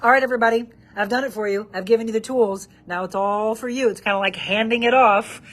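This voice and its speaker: A woman's voice: a little high, fairly even intonation, fast talker, fairly bright tone. A woman hosting a live self-help show, reading out viewer comments by name and encouraging her audience in an upbeat way.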